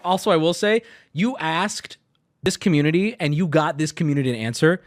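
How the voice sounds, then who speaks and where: A man streaming, riffing in casual commentary with crude jokes, lurching between loud rants and low mutters. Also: fairly quick, no room sound, studio quality.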